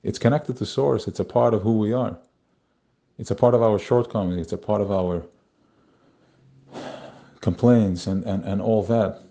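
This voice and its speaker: Guy teaching torah live, kinda low mellow voice, repeats himself a lot. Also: fairly even intonation, moderate pace, creaky, long pauses. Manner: spiritual, searching, repeats phrases.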